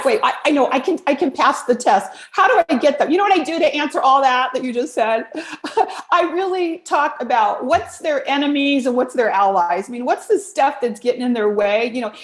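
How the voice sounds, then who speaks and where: A woman with a high, bright-sitting voice coaches people on speaking, blunt and animated, with frequent laughs. She comes through a video call. The room around her rings with a noticeable echo. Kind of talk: casual interview chat.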